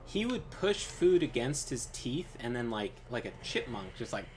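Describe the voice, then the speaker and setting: Playing a game on stream, a young man tells a loose, animated story in casual chat, heavy on fillers and quoted voices. His voice is medium-pitched at a normal speed, with background noise present.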